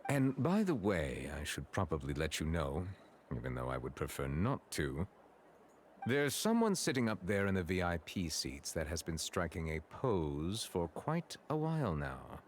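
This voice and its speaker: A deep, courteous chief justice. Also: male voice, huge pitch swings, slight background noise. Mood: formal. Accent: French. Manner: stiffly polite and measured.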